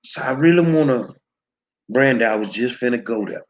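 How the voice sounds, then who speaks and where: A man's voice: medium pitch, animated, brisk. A man hosting his own show, delivering heated, profane commentary straight at his viewers, confrontational and stumbling over repeated words. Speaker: show host.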